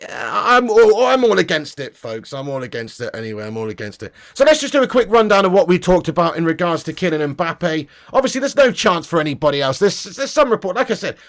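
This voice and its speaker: A man's voice: high-pitched, fairly bright tone. A man hosting a live football fan stream, chatty and swearing freely while laughing and reading out viewer comments. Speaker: football channel host. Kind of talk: casual livestream commentary.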